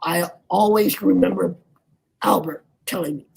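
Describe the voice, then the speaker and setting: Gravelly, raspy older man. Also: high voice, big pitch swings, low-quality recording. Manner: rambling, halting, many restarts. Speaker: actor guest. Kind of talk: casual interview chat. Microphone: video call.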